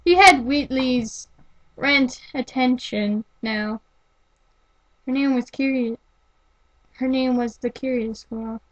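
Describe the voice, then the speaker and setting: A woman's voice: high-pitched, slow pace, pauses often, a bit bright, muffled recording. A young woman reading fan fiction aloud as an amateur, stumbling and restarting words often. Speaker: amateur reader.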